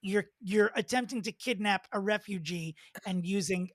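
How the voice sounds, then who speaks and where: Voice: mid-range voice, moderate pace, no room sound. Podcast co-host, emphatic ranting delivery, dry close sound. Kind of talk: casual chat.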